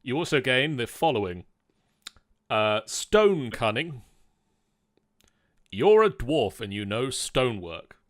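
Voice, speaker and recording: A man's voice: medium pitch, slow pace, pauses often, dry recording, clean studio sound. A man acting as game master, patiently reading out rules while a player builds a character over a voice call. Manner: steady, patient rule-reading with fillers. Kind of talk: explaining rules during character creation.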